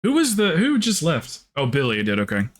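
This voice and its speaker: A man's voice: a little high, huge pitch swings, moderate pace. A man streaming a game, chatting casually with viewers in a rambling, joking way and swearing freely. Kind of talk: casual live-stream chat.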